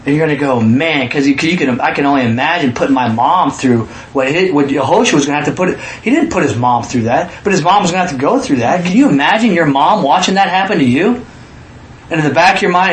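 High-voiced, animated male preacher. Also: fast, reverberant, a little hiss or hum. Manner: animated, acts out quotes with sudden shouts. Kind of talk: sermon.

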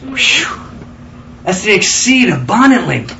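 A man leading a Bible study, excitable and emphatic, prompting his listeners to answer and repeat after him. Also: high voice, a little slow, vocal fry, roomy sound, dull audio, a little hiss or hum. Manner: excitable, emphatic, calls for responses.

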